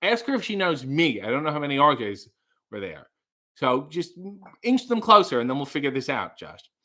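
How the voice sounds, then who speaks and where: A man's voice: medium pitch, huge pitch swings, normal speed, pushed and bright. A man hosting a casual live stream, reading viewer comments aloud and joking with chat. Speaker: livestream host.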